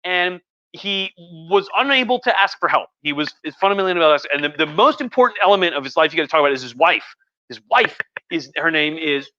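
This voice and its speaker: Drunk male history teacher on a home livestream, sharp bright tone, chatty and profane, dull lo-fi mic. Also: fairly high pitch, no echo. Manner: rambling, profane, chatty, many restarts. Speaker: history professor. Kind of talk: casual livestream history lecture.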